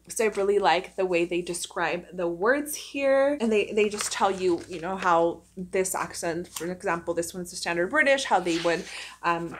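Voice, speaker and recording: A woman's voice: mid-range voice, fairly bright tone, a little hiss or hum. Chatty, upbeat young woman vlogger. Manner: chatty and enthusiastic, many fillers. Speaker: actor and vlogger. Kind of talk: casual chat to camera.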